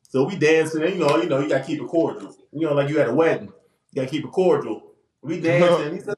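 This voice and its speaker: A man, casually telling a long funny story on a podcast, acting out the people he quotes. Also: fast talker. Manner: lively, acts out quoted voices with big pitch jumps. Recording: echoey room with faint noise.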